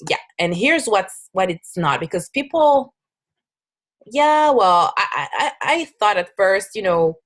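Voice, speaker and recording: A woman's voice: mid-range voice, expressive, unhurried. Upbeat woman with a French accent. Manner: upbeat, persuasive, with frequent restarts. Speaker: fitness business coach. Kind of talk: casual recruiting presentation.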